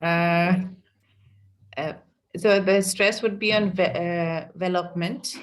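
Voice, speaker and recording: A woman's voice: on the low side, steady tone, takes it slowly. A woman practising pronunciation over a video call, hesitant and repeating a word with fillers as she tries it again. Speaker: learner.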